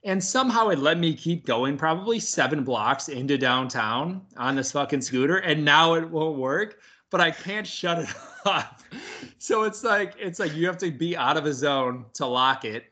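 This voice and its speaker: A young man tells a story in loose podcast chat, cursing freely and laughing along. His voice is bright and pushed forward. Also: on the high side, moderate pace. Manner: animated, swears often, laughs through the story. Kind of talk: casual storytelling.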